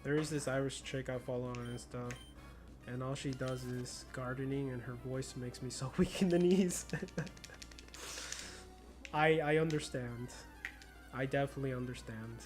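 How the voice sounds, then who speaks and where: Faint music plays behind this young American streamer, whose slight Spanish-influenced accent colors his easygoing, slang-heavy gaming chatter. He laughs a lot, speaking at medium pitch in a steady tone, a little slowly and with frequent pauses.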